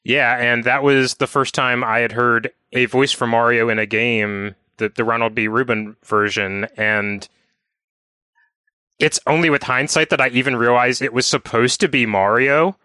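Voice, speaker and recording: A man co-hosting a podcast, chatting casually and telling anecdotes in a measured, explaining way. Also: medium pitch, steady tone, sharp tone, clear, resonant tone, dry recording. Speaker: podcast co-host.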